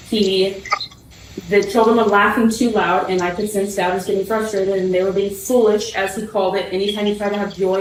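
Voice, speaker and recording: A young woman telling a personal family story, rambling with many fillers and restarts. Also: medium pitch. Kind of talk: personal testimony. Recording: roomy, distant from the mic, faint noise.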